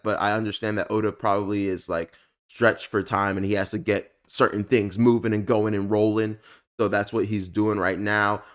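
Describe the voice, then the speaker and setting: A man giving a casual, animated review, full of fillers and the odd curse when frustrated. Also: lowish voice, clean tone. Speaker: anime reviewer.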